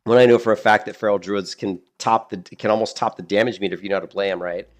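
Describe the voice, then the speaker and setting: A man's voice: on the low side, steady tone, quick pace. A middle-aged man chatting casually while streaming a game, rambling, swearing and laughing at his own stories. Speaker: gaming streamer.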